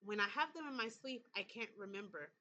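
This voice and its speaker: A woman voicing a nervous young man in a story game, who stammers and speaks haltingly. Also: medium pitch, animated, bright, forceful tone, lo-fi sound.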